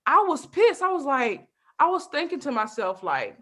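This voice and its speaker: A young adult woman doing a stand-up comedy set, telling lively stories with constant asides to the crowd. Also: high-pitched, moderate pace. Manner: lively storytelling with frequent asides and laughs.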